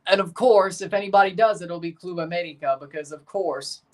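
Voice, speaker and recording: A man's voice: sits high, fairly quick. A man streaming casual, opinionated commentary as he watches a football match and talks to his viewers.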